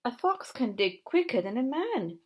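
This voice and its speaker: A woman's voice: on the high side, big pitch swings, normal speed, husky, pitched above the performer's own voice. A woman reading a storybook aloud and voicing a clever, determined father fox in an urgent, commanding manner.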